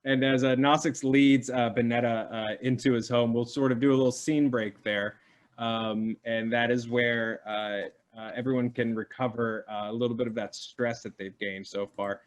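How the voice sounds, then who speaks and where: A man running a tabletop game as game master, narrating in a relaxed way with many filler pauses. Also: mid-range voice.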